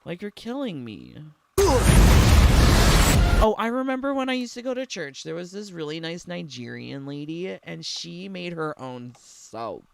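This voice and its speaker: Slow, gravelly young man riffing sarcastically. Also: fairly high pitch, big pitch swings, heavy background noise. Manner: sarcastic, giggly, filler-heavy. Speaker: streamer reacting to a game trailer. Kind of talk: casual reaction commentary.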